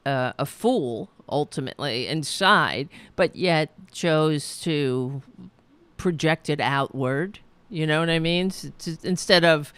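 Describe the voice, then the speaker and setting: Blunt, slow-talking woman host. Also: on the low side, smooth, no room sound. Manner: blunt, swears freely, rambling with restarts. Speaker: podcast host. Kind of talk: casual opinion talk.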